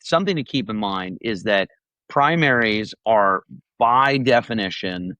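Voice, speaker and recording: A man co-hosts a political podcast and reasons his way through a point in casual chat. His pitch moves up and down a great deal. The recording is close and dry. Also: measured pace, no echo. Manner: lively, thinking aloud with restarts. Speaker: podcast co-host.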